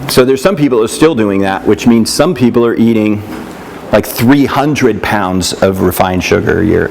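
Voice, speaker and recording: A man's voice: fairly low pitch, a little slow, vocal fry, a little mellow, slight background noise. A man teaching a nutrition class in a casual, conversational way, often checking in with "right?" and "yeah?" and acting out what other people say. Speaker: nutrition instructor.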